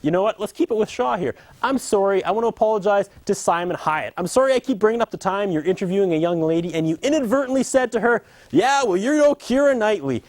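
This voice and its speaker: A man's voice: high voice, animated, quick pace, hardly any pauses, darkish tone, no echo. A man in his thirties delivering a sarcastic, mock-apologetic comedy monologue as host.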